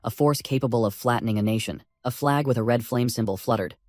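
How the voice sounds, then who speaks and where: A man narrating a comic story recap in an even, steady reading. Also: medium pitch, quick pace, no echo, studio quality.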